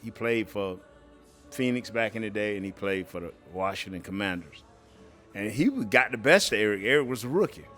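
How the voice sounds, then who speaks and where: A man's voice: on the low side, normal speed, soft background music. A middle-aged man, a former pro football player, telling stories as a guest in a casual interview and acting out the voices of the people in them. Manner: animated storyteller who acts out quoted voices and laughs often.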